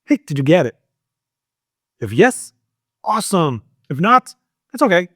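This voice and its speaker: A man who is not a native English speaker, teaching English pronunciation in a lively, coaching way with many fillers. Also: high voice, a little slow, slightly rough, no echo, clean studio sound. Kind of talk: pronunciation lesson.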